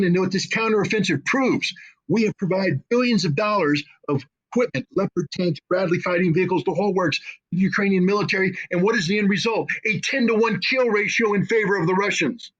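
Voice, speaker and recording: Husky-voiced guy getting worked up and emotional in an interview, kinda muffled audio. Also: sits high, fairly quick, fairly bright tone. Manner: emotional, indignant, repeats for emphasis. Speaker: guest commentator. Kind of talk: impassioned interview talk.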